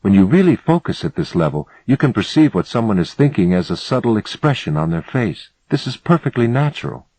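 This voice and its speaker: A man voicing a calm, self-assured woman who speaks quietly and matter-of-factly. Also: lowish voice, a little fast, hardly any pauses, low-quality recording. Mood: calm, knowing. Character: calm, knowing woman guide.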